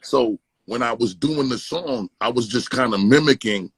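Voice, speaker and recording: A man from Brooklyn, telling animated, profane stories as a guest and slipping into impressions. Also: medium pitch, normal speed, breathy edge, no echo, rough recording. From East Flatbush, Brooklyn, New York. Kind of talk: casual storytelling.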